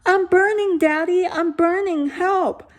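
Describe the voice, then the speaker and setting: Girl doing a bratty joker boy, shrill voice, mocks everything. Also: fairly even intonation, takes it slowly, slight background noise. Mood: mock wailing. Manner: taunting, shrill mock-crying in a high voice. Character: mocking teenage boy, immature joker.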